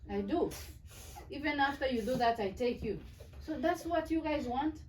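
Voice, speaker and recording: A woman's voice: high-pitched, lively intonation, moderate pace. A middle-aged woman, a mother lecturing her children at a family meeting in a firm, earnest way. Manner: firm, earnest, repeats "do you hear me". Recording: distant mic with faint background noise.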